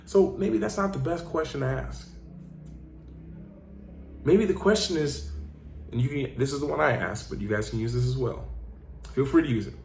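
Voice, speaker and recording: A man's voice: medium pitch, normal speed, creaky, pauses often, darkish tone, a little hiss or hum. A man, a life coach and host, giving an earnest motivational talk with emphatic, repeated phrases. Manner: earnest, emphatic storytelling with repetition. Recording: roomy echo.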